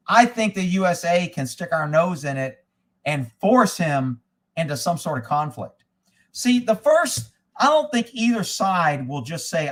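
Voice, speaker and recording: A man with a somewhat higher voice for a man, talking off the cuff as he answers viewer comments. He is blunt and opinionated and swears freely. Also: a bit bright. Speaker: host reading viewer comments. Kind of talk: casual live commentary.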